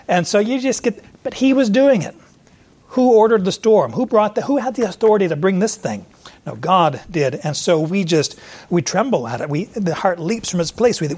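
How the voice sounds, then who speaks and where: A middle-aged man preaching a sermon, lively and acting out the voices he quotes. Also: high-pitched, fairly quick, husky. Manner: animated, acts out voices in quotes. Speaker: pastor.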